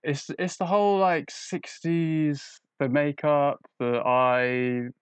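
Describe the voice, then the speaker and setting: A man's voice: on the high side, steady tone, slow pace, clean tone, no echo. A young man chatting on a podcast, rambling and joking with many restarts. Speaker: podcast co-host. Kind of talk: casual chat.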